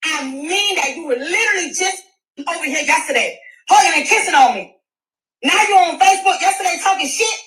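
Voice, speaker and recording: A middle-aged woman in a loud, profane rant on a live stream. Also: very high voice, animated, fairly quick, reverberant, low-quality recording. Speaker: livestreamer.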